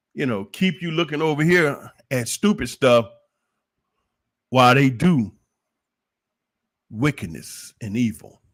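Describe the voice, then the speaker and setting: A man delivers an opinionated livestream monologue in a preachy, emphatic way. He keeps throwing rhetorical questions at his audience. His voice sits at an average pitch for a man. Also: a bit bright. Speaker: livestream commentator.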